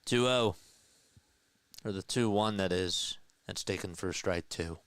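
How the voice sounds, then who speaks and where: Guy doing live baseball play-by-play on his stream, lowish smooth voice, fed up, dry close mic. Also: measured pace, fairly bright tone, no echo. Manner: frustrated, talks back to the chat. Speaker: play-by-play caller.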